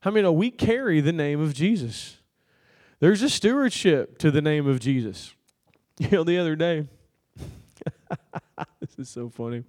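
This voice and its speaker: A man's voice: a little high, lively intonation, moderate pace, darkish tone. A man preaching a sermon, telling a story in a loose, conversational way and calling out to the congregation for an amen. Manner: conversational storytelling with laughs and crowd call-outs. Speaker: pastor.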